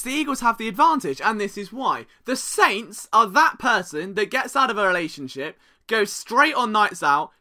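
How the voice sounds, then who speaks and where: A young man hosting a sports podcast, talking solo in a joking, self-deprecating way. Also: high voice. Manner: animated, joking, self-deprecating, does mocking voices.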